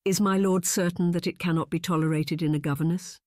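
A man voicing a polite, nervous but spirited young lady in an audiobook, lifting his pitch to sound earnest and questioning. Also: fairly even intonation, a little fast, darkish tone, no room sound, clean studio sound, natural voice. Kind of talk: audiobook narration.

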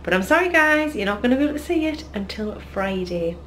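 Chatty Geordie mum vlogging at home. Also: female voice, medium pitch, big pitch swings, quick pace, fairly bright tone, slight background noise. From North East England. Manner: chatty, upbeat, talks to viewers as friends. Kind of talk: casual vlog chat to camera. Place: family home. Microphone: handheld camera.

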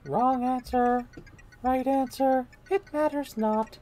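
A woman voicing a cold, grand, possessed princess who speaks slowly and solemnly. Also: high-pitched, warm tone, pitched above the performer's own voice. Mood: eerie. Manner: slow, drawn-out, solemn questioning.

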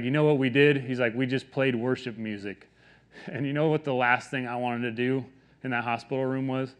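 A man in his thirties, a pastor, preaching a sermon in an earnest, conversational way that swings between quiet stretches and emphatic questions. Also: medium pitch.

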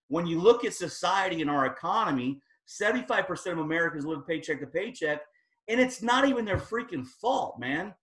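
Energetic man, motivational talk, storytelling, emphatic, echoey room. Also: fairly high pitch. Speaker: guest speaker at team training.

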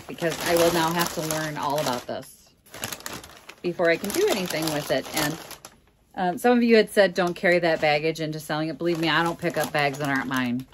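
Here a middle-aged woman from Minnesota, vlogging about reselling, chats openly and jokes around while sorting what she picked up at auction. She has a low-pitched voice, and there's slight noise in the background.

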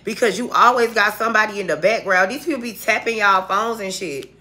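Bright-voiced woman giving a profane tarot reading. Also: mid-range voice, brisk. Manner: blunt, profane, heated street talk. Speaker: tarot reader. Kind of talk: casual tarot reading to viewers.

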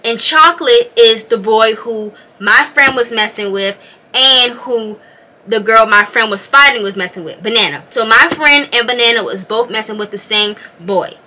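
A young woman telling a story to her viewers while doing her makeup, animated and slangy, often calling out to them as y'all. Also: a little high, normal speed, slight background noise. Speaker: vlogger.

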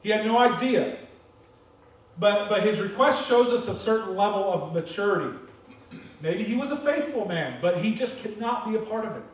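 A man with an American accent preaching a sermon from the pulpit, animated and repeating words as he drives a point home. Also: high-pitched, moderate pace. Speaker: pastor. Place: church sanctuary. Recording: very echoey church, voice distant from the mic.

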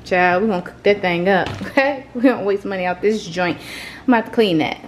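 A woman's voice: medium pitch, brisk, a little hiss or hum. A young woman vlogging casually from her home kitchen, chatting to herself as she cooks. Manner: chatty, talks to herself while cooking. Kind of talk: casual cooking vlog chat.

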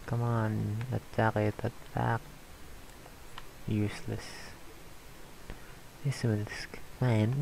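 Slow, gravelly-voiced tired gamer man. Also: lowish voice, flat delivery, a little mellow, slight background noise, rough recording. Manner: mumbling asides, reads game text aloud. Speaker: let's play gamer. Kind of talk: casual gameplay commentary.

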